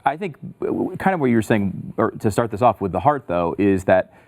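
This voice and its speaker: Low-voiced male co-host. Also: very animated, a little fast, a little mellow. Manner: conversational, reads out figures. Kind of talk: casual political chat.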